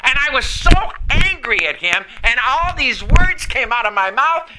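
A man's voice: very high-pitched, sing-song, measured pace. An older man preaching a sermon, telling a personal story earnestly and chuckling at himself now and then. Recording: noisy recording.

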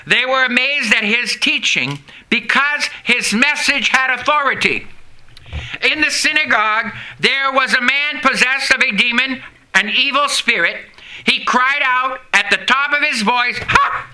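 High, bright-voiced male preacher. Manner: preaching with call-and-response, dramatic pauses and drops in pitch. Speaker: pastor. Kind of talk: sermon.

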